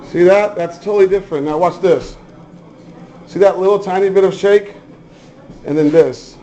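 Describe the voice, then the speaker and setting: Casual high-voiced man talking RC cars. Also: moderate pace, warm tone, muffled recording. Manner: offhand, chatty, swears casually, many fillers. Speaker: RC hobby vlogger. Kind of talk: casual show-and-tell vlog.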